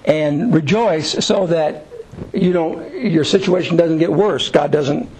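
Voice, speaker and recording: A man's voice: fairly high pitch, slow, a little mellow, rough recording. A man leading an informal Bible study, reading verses aloud and then explaining them in plain conversational words. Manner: reads scripture aloud then paraphrases it conversationally. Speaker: Bible teacher.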